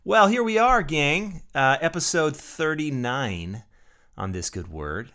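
A man's voice: fairly high pitch, expressive, takes it slowly, bright, forceful tone. A man, a pastor, hosting his podcast in a chatty, jokey, self-deprecating monologue. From Midwestern United States.

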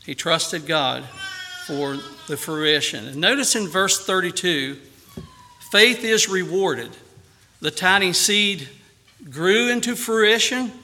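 High, bright-voiced preaching man. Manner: earnest preaching, with emphatic rises and softer prayer. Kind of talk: sermon.

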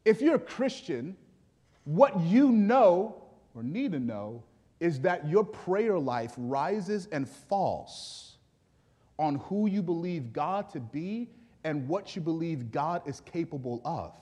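A man's voice: a little high, sing-song, slow pace, dark tone, breathy edge. A man preaching a sermon as pastor, chatting casually with jokes before building to fervent emphasis. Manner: conversational with joking asides, building to fervent emphasis.

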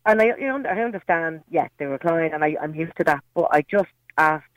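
A woman's voice: deep voice, fairly quick, no room sound, poor audio. Irish woman ringing in to a radio show, chatty, lots of ums, dry close sound. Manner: chatty storyteller, hesitant fillers, laughs. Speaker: caller. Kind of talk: phone-in chat.

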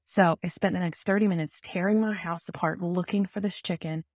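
A woman telling a personal story in an animated, self-mocking way, full of rambling asides. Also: fairly low pitch, brisk, dry recording, clean studio sound.

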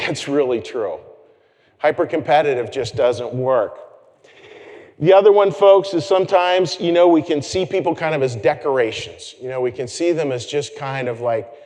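A male pastor delivering a relaxed, conversational sermon in a church sanctuary, his slightly high voice trailing off into a long hall reverb. He talks with animation and drops in self-deprecating asides.

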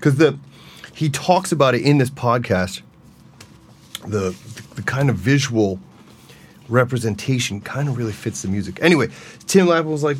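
A man's voice: medium pitch, expressive, moderate pace, pauses often, slight background noise. A man hosting a casual solo podcast, talking in a rambling, enthusiastic way and laughing often, from a practice room. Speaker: musician and podcast host.

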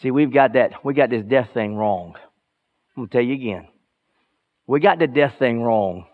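A man preaching a sermon as pastor in a church, swinging between hushed lines and loud bursts. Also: mid-range voice, lively intonation, normal speed, narrow, tinny audio.

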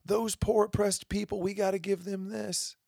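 A man's voice: high voice, level tone, moderate pace, gravelly, a little mellow, dry recording, clean studio sound, pitched above the performer's own voice. A man mocking a whiny, pleading crowd. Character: whiny needy crowd begging for handouts.

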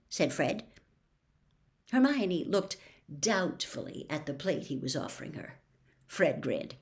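A woman reads a novel aloud as a storyteller. Her voice is expressive and lively, rising and falling freely. At times she drops to a hushed whisper. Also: on the low side, gravelly. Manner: expressive, quick, dropping to a whisper.

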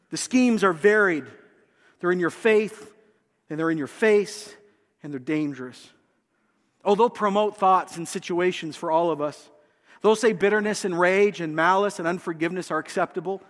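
High-voiced pastor preaching. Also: male voice, moderate pace, fairly bright tone, long reverb tail. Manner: earnest, direct, addresses the congregation. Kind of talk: sermon. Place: church sanctuary.

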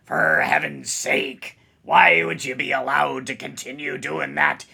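A man voicing a gruff male pirate who scolds people for breaking the rules. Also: on the high side, sing-song, a little slow, bright, forceful tone, heavily acted. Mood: mock scolding.

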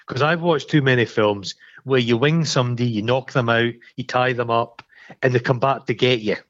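A Scottish man co-hosting a podcast, chatting casually about a film with sweary, animated storytelling. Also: medium pitch, normal speed. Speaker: podcast co-host. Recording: dull lo-fi sound.

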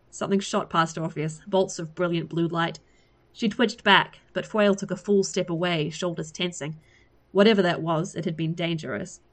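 A woman reading a fantasy story aloud in a lively way. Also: fairly low pitch, moderate pace. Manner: lively, laughs at the story between passages. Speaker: story reader.

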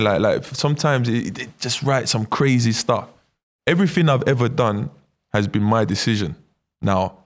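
Guy in his 30s, low gravelly voice, chatty, keeps asking "you know what i mean". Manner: animated storyteller, many fillers and tag questions. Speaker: footballer guest. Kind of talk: casual interview chat.

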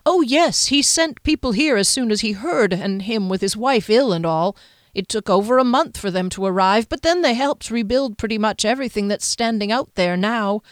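A weary village shopkeeper and mother from a storybook, earnest and quick to worry, as a woman narrator reads her. Her voice sits a little higher than the narration, and the recording is dry and close. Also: animated, no echo, close to an everyday voice. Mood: earnest, anxious. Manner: earnest, anxious.

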